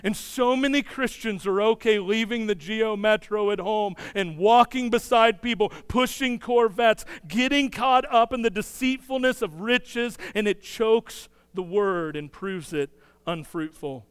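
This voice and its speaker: High-voiced man preaching in a hall. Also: clear, resonant tone. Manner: animated storytelling, acts out dialogue in quick bursts. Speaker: pastor. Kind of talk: sermon.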